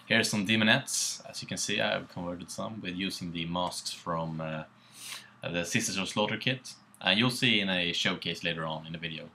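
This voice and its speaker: Young Swedish guy with a Swedish accent, low voice, laid-back and sweary tabletop commentary. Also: moderate pace, bright, forceful tone, a little hiss or hum. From Sweden. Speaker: co-host. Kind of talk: casual battle report commentary.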